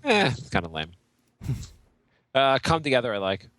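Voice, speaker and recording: Brief: animated male co-host, bright tone, dry close sound. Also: medium pitch, moderate pace, dry recording. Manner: animated, jokey. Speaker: podcast co-host. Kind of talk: casual chat.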